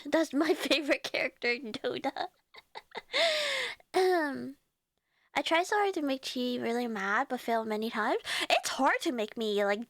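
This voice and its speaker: A woman's voice: on the high side, a bit bright, dry recording, studio quality. A young woman streamer chatting casually with her live chat, giggling often and reading messages aloud.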